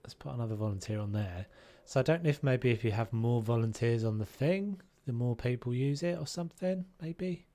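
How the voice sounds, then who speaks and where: A man's voice: mid-range voice, fairly quick, few pauses, warm tone. A man casually chatting and musing aloud while live-streaming a game, now and then humming tunes.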